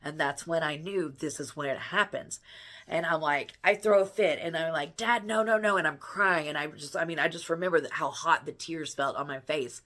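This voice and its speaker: A woman's voice: deep voice, normal speed, sharp tone. A middle-aged woman vlogging from home, telling a personal story in an earnest, rambling way with many restarts. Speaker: spiritual vlogger and healer.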